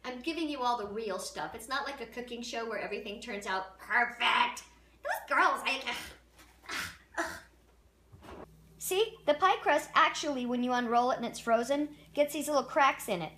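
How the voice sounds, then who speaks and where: Brief: playful woman host of a home cooking demo, high voice, mic far off in a roomy kitchen. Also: animated, normal speed, fairly bright tone. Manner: chatty, playful, self-deprecating. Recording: roomy, distant, noisy kitchen recording.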